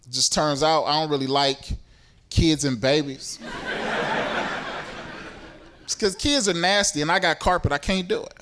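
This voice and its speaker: A man's voice: on the high side, moderate pace, long pauses, fairly bright tone, slight background noise. A male stand-up comedian on a club stage, telling a story in an exasperated way. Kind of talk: stand-up routine.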